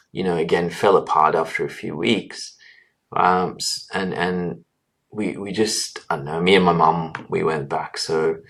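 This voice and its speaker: In a long interview answer, a doctor in his thirties speaks earnestly about his life in a very deep voice. He is the guest, and he frequently pauses with fillers and starts his sentences over.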